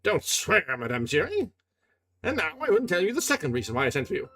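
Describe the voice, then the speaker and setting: A man's voice: high-pitched, huge pitch swings, a little fast, a bit bright, voice pushed up, full character voice. A man reading aloud and voicing a hot-tempered male theatre manager who bellows accusations. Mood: blustering.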